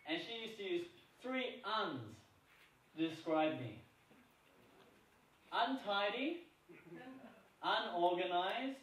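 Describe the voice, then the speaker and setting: A man's voice: high-pitched, a bit bright, a little hiss or hum. A man giving a humorous keynote speech at a conference, telling playful stories that draw laughs. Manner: playful, storytelling, gets laughs. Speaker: keynote speaker. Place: large conference hall. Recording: echoey hall from a distant mic.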